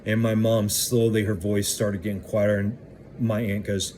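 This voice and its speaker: A man's voice: on the low side, flat delivery, normal speed, a little mellow, a little hiss or hum. A man casually recounting his own past in a candid, blunt way that includes swearing. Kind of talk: casual first-person storytelling.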